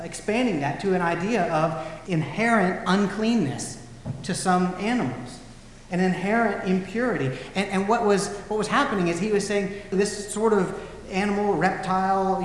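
A man gives a sermon in a relaxed, storytelling manner, his voice sitting a little high. He is heard in a big hall that rings with strong, lingering echo. A faint hum of ambience sits under his words. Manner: conversational storytelling, acts out quotes. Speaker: pastor.

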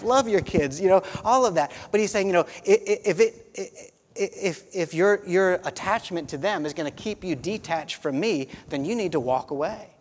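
A man preaching a sermon as a pastor, conversational, often restarting phrases and saying "you know.". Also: high-pitched. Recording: long hall reverb.

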